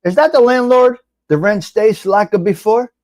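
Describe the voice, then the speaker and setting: A middle-aged man hosts a casual live-stream chat, rambling animatedly, reading out viewers' names and swearing here and there. His voice sits high at a normal speed. The sound is studio quality with no room sound.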